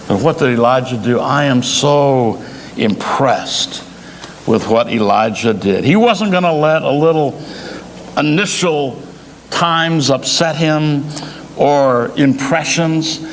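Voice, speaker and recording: A man preaching in a church sanctuary, pressing each point with dramatic pauses and unhurried phrasing. His voice sits a bit high for a man. It rings with the long reverb of the hall over a faint hiss. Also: expressive. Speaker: associate pastor. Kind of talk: sermon.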